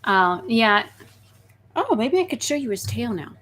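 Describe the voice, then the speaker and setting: A woman chatting casually on a live stream while hushing and soothing a restless pet snake, describing it with lots of "like.". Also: fairly high pitch, very animated, measured pace, slight background noise. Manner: hushes and soothes a pet snake in soft murmurs. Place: at home at her desk.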